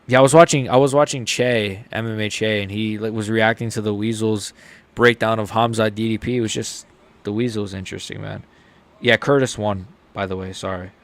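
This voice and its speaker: Excitable young man reacting live. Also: on the low side, brisk. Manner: excitable, swings between mumbled asides and loud outbursts. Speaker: host. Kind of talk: casual live reaction commentary.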